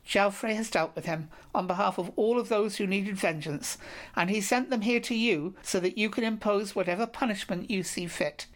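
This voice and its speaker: A wounded knight recounting his torments in a storybook, formal and solemn, voiced by a woman reader close to her own voice. His courtly speech is measured and grave. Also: mid-range voice, natural voice. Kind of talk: audiobook reading of a medieval romance.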